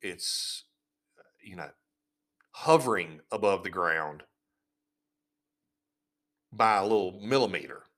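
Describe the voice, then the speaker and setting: A man's voice: deep voice, animated, slow, pauses often, a bit bright. A man hosting a podcast, ranting in an indignant, sarcastic tone and often repeating words as he goes. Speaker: podcast host. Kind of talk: casual ranting commentary.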